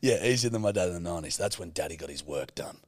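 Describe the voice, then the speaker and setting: A man's voice: deep voice, expressive, very fast, no room sound. A young Australian man co-hosting a casual comedy podcast, cheeky and crude in his teasing banter. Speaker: podcast co-host.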